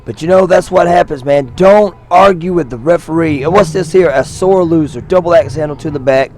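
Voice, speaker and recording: A man calling a wrestling match with a slightly higher voice than most. He commentates in a jokey, excitable way, teasing the referee and the crowd between moves. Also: brisk. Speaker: color commentator.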